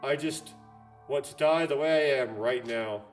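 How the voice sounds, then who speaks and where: A man voicing a young male boxer who admits to a murder, speaking in a flat, resigned way, reading game lines aloud. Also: medium pitch, unhurried, soft background music, natural voice. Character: male teen boxer, calm killer turned cold.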